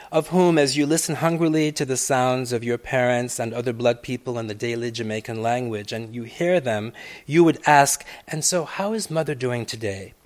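Male author reading his own essay: mid-pitched, reflective, rising loud on key phrases and sinking to near-hush. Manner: measured, reflective, long winding sentences with many asides; swells loud on key phrases, then drops to near-hushed tones. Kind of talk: literary reading.

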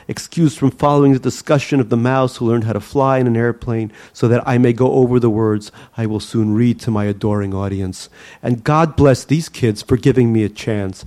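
A man's voice: medium pitch, a little mellow. A man from the Soviet Union reading his memoir aloud to a live audience, with a wry, self-mocking delivery. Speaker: storyteller.

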